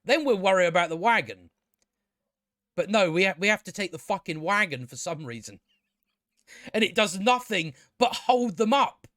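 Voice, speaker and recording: A man's voice: sits high, expressive, normal speed, long pauses, a bit bright, no room sound, studio quality. A man casually reviewing a show, exasperated and sweary, rambling with many restarts.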